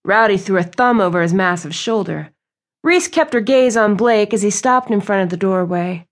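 A woman reading a romance novel aloud as an audiobook narrator, with smooth, even storytelling. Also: mid-range voice, moderate pace. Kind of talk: scripted narration.

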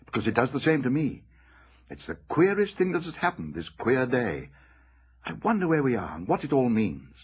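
A man's voice: medium pitch, huge pitch swings, moderate pace, slightly rough, muffled recording, exaggerated voice. A man voicing an earnest eldest boy who takes charge and reasons point by point, in an audiobook.

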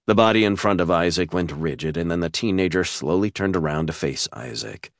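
Reading a suspense romance for an audiobook, this male narrator keeps a steady, measured pace. His voice is extremely deep, captured close and dry with no room echo.

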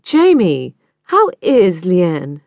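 A woman's voice: on the low side, wildly swooping pitch, extremely slow, creaky, darkish tone, no room sound, heavily acted. A woman voicing a glamorous, vain mother who drawls condescendingly. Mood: cooing.

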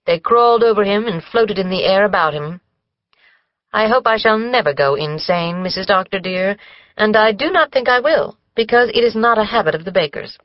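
A prim older housekeeper rambles on with formal, gossipy asides, as a woman narrator puts her on. Her voice sits at a middling pitch, recorded dry and a little dull. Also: animated, moderate pace, no echo, natural voice. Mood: gossiping. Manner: formal, long-winded gossip.

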